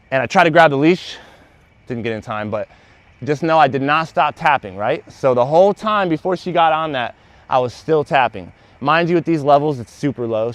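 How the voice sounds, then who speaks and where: A man, a dog trainer, talking through training in a casual vlog while he works a dog outdoors, out of breath and very animated. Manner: very animated, high excited praise to the dog.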